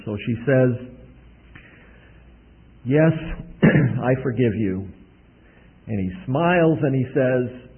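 Husky preacher man on a tinny line. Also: mid-range voice, animated, slow, pauses often. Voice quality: husky, clears throat often. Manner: homey storytelling, voices characters in the anecdote. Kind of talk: sermon with a told illustration. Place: church service. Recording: tinny phone-like recording.

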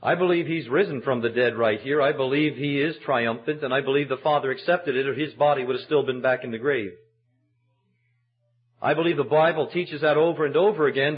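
A pastor with a husky, medium-pitched voice preaches a sermon, telling the story with emphatic, dramatic delivery. The sermon recording is dull and lo-fi.

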